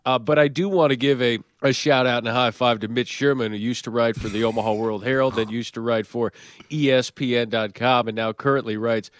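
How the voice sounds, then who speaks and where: A man's voice: medium pitch, fairly even intonation, a little fast, no room sound. Wry man hosting a podcast. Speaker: podcast host. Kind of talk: casual podcast chat.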